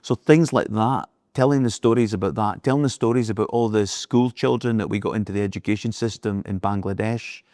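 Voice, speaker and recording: Middle-aged guy, low voice, spinning a story and acting out who said what, dry close sound. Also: fairly even intonation, a little fast, hardly any pauses, darkish tone, no echo. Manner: anecdotal, acts out dialogue in the retelling. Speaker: interview guest, business leader. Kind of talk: storytelling in casual conversation.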